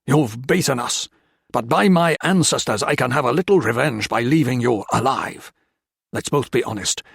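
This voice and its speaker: A man's voice: medium pitch, lively intonation, normal speed, vocal fry, husky, no room sound, clean studio sound. A man reading an audiobook, voicing a cold, contemptuous Japanese army colonel who speaks curtly. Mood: contemptuous, furious. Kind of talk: audiobook character voice.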